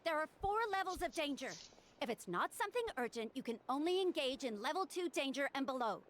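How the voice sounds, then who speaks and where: Worried woman doctor, stern, lecturing, high voice, lively pitch, video game cutscene. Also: a little fast. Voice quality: exasperated, lecturing. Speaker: doctor and logistics handler.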